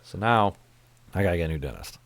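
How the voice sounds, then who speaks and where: A man hosting a casual chat, telling stories in an animated, profane way. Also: low-pitched, quick pace, dry recording. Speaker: podcast host.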